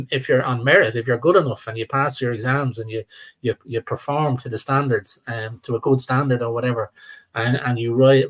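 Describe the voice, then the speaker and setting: An older Irish man talking in a rambling, repetitive way as a guest on a live-stream chat. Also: mid-range voice. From Ireland. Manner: rambling, repeats words, trails off.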